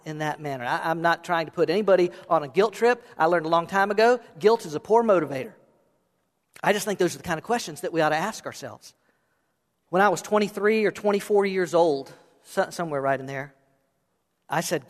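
A man's voice: sits high, lively intonation, brisk. A middle-aged man preaching a sermon as pastor, conversational and playful, asking his listeners questions. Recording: reverberant hall sound.

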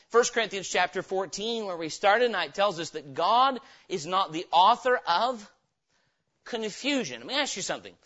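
A pastor preaches with a high, ringing voice in a church. He is emphatic and keeps turning his points into questions for the congregation. The recording sounds dull and lo-fi. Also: fairly bright tone. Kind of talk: revival sermon. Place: church sanctuary.

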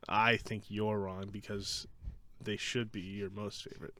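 A young man co-hosting a sports podcast, chatting casually with deadpan sarcasm. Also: on the low side, measured pace, dry recording. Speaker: podcast co-host.

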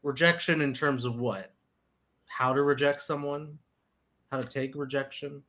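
A man's voice: mid-range voice, steady tone, measured pace, sharp tone. A man hosting a casual podcast chat, loose and joking as he keeps the talk moving. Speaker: podcast host.

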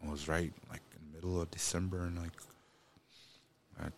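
Deep-voiced man telling a halting story. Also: flat delivery, gravelly, slight background noise. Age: adult parent. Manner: rambling, halting with restarts; speaks of God and blessing. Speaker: guest. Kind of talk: personal storytelling.

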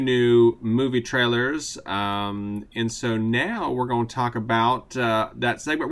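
A man's voice: mid-range voice, pushed and bright. A man, co-hosting a podcast in a laid-back, casual way. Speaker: podcast co-host. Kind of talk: casual chat.

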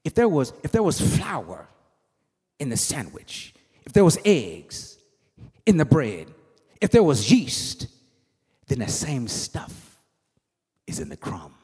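A man preaching a sermon in a church, swinging from hushed murmurs to shouted, singsong phrases. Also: mid-range voice, wildly swooping pitch, takes it slowly, pauses often, slightly rough. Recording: long hall reverb.

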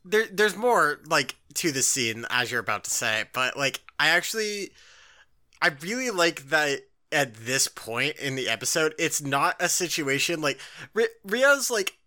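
A young adult podcast co-host chatting casually, with a bright, sharp tone. The voice swings up and down a lot. The talk rambles, full of "like" and offhand swearing. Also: medium pitch, very animated, a little slow. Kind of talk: casual chat.

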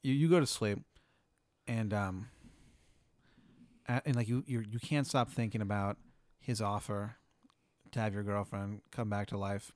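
A man's voice: fairly low pitch, fairly even intonation, a little slow, pauses often, darkish tone, dry recording. A man narrating an improvised role-play game as game master, rambling with many fillers.

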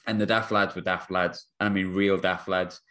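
A young podcast host tells a funny story in casual chat full of slang, animated and laughing as he goes. His voice is low-pitched and his pace is normal.

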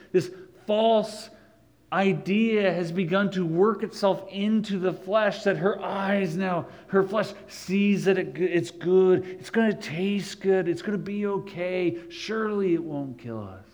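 A man preaching a sermon, rising to emphatic peaks and dropping low and slow to read scripture. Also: poor audio. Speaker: pastor.

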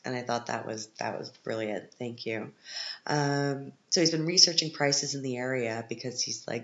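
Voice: medium pitch, moderate pace, a bit bright, roomy sound, muffled recording. A podcast host recapping a film from their living room in a rambling, sarcastic way, full of asides.

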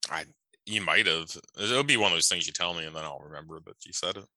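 A man in casual chat, weighing his words and restarting often. His voice sits very low yet sounds bright and forceful. The recording is dry and close. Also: no room sound. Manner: measured, hedging, restarts with repeated "I".

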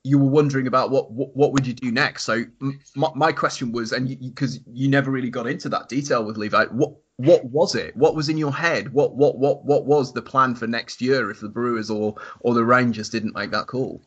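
A man's voice: mid-range voice, steady tone, husky, lo-fi sound. A man from the United Kingdom hosts a casual podcast interview, often repeating words as he works into his questions. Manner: halting, repeats words when starting questions. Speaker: podcast host.

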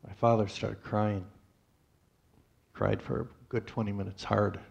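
Low gravelly man giving a testimony. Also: little pitch movement, a little mellow, lo-fi sound. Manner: plainspoken storytelling with pauses and restarts. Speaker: church testimony speaker. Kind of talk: personal testimony to a congregation.

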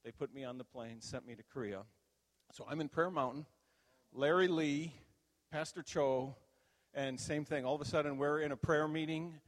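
A middle-aged man giving an animated testimony sermon as a pastor, acting out the voices in his story. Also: a little high, moderate pace. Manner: animated storytelling, acts out quotes. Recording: long hall reverb.

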